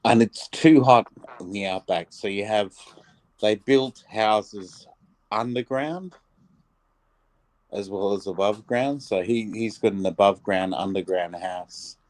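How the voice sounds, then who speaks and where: A man's voice: lowish voice, slow, a little mellow, poor audio. A man chatting casually on a stream, rambling and restarting his sentences. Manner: rambling, with many restarts and fillers. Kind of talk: casual chat.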